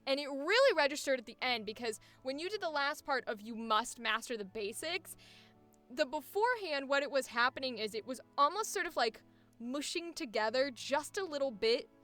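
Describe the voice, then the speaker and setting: A woman's voice: high-pitched, animated, fairly quick, fairly bright tone, soft background music. A young woman coaching a voice actor, explaining animatedly and acting out examples. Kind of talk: coaching session.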